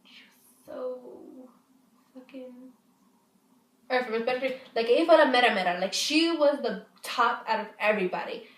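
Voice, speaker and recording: A woman vlogger tells a rambling, profane storytime to her camera, frequently restarting her sentences. Her voice is a little high and brisk, picked up off-mic from a distance in an echoey room.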